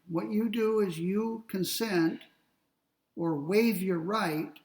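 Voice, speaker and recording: Gravelly-voiced man giving an ethics lecture. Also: sits high, a little mellow, distant mic, rough recording. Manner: deliberate, explains step by step, slows to read quoted text. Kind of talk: classroom lecture.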